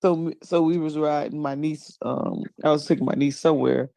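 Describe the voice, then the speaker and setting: A woman's voice: sits low, fairly quick, gravelly, dry recording. A woman chatting casually, telling a funny story with lots of laughter and voices. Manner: animated storyteller, laughs often. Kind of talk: casual chat.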